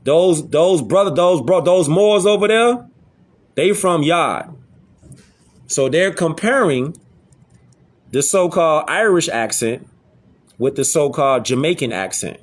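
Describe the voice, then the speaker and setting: Insistent man with lively pitch. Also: measured pace, long pauses. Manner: insistent, repetitive, keeps asking "see that?". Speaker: host commenting on clips. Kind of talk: emphatic commentary over images and video.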